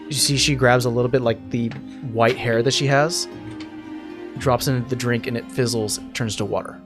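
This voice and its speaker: A man narrating as game master in a tabletop game, casual and halting. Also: medium pitch, steady tone, over music.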